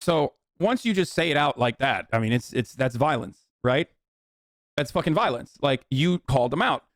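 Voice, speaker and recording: A man's voice: mid-range voice, animated, normal speed, fairly bright tone, no room sound, studio quality. A man casually riffing as a streamer, reacting to posts with mocking, profane commentary.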